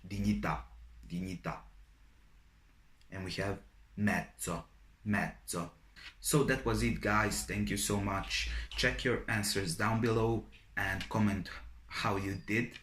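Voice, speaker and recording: A man teaching a language online, who reads out words slowly and says each one several times so viewers can write them down. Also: on the low side, steady tone, a bit bright, roomy sound. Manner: slow, repeats each word several times for dictation.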